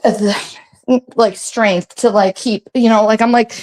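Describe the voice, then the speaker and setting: A woman with a slightly high voice tells a long, winding story. She rambles, fills gaps constantly and swears freely, acting out each person's lines as she goes. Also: fairly even intonation, measured pace, darkish tone. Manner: rambling, heavy filler "like", swears freely, acts out quotes. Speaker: guest recounting a story. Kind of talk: casual storytelling on a livestream.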